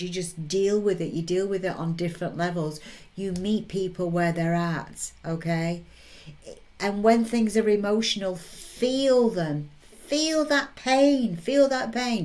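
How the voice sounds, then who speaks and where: A middle-aged woman, a spiritual medium, hosting a live stream and reading out viewer comments in an emphatic, energetic, chatty way with frequent check-ins. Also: lowish voice.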